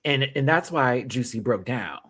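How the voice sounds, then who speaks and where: Man, young adult, sassy live review host, lively swooping voice, quick laughs and hushed asides. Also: mid-range voice, husky. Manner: animated and sassy, laughing, drops to quiet asides. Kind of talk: casual live review chat.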